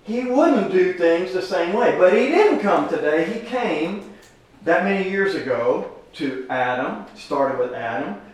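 A man's voice: sits high, animated, a little slow. Man teaching a Bible class, very echoey. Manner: conversational, asks the class questions. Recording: very echoey room from a distance.

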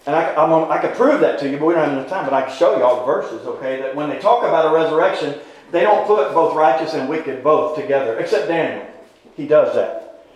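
A man's voice: a little high, fast, a little mellow, a little hiss or hum. A man teaching a Bible class, folksy and informal, quizzing his listeners with repeated questions. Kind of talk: interactive Bible class lecture. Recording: very echoey room.

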